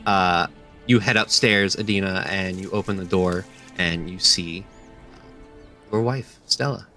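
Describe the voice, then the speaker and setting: A man narrating a tabletop game as game master, halting and full of fillers as he describes scenes. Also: low-pitched, sharp tone, faint music behind. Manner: halting, many fillers, slips into character voices.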